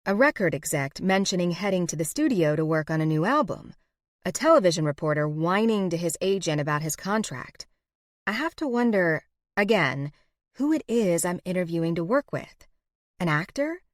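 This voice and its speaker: A woman reads a first-person romance audiobook, expressive and wry. Her voice sits on the low side and the sound is dry and close, with no room around it. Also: moderate pace, no room sound. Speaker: audiobook narrator.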